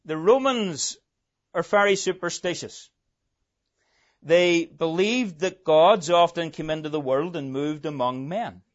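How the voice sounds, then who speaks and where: Male preacher delivering a dramatic sermon, loud emphasis then hushed asides, unhurried, muffled lo-fi sound. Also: fairly high pitch. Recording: dull lo-fi recording.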